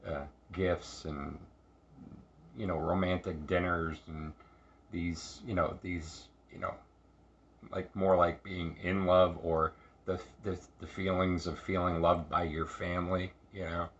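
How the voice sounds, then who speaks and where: A man tells a personal story, halting and repeating himself as he reflects. His voice is low and gravelly with a bright edge. The recording sounds dull and lo-fi. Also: little pitch movement. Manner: halting, repetitive, reflective with many restarts. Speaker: speaker sharing recovery story.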